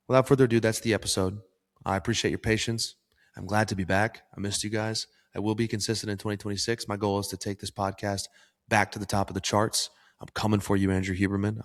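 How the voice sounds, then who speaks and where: A low-pitched man talks straight to his listeners, coaching them through a life-planning exercise. He sounds earnest and pushes hard, dropping a swear word now and then for emphasis. His voice rings with a long reverb. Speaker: podcast host. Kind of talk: solo motivational podcast talk.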